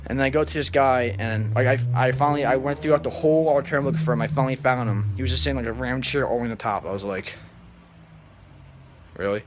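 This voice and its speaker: A man vlogging, telling a story to his viewers in a rambling, animated way and flatly mimicking other people. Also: medium pitch, fast, noisy background. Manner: animated, rambling, acts out others in flat mumbles. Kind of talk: casual storytelling to camera.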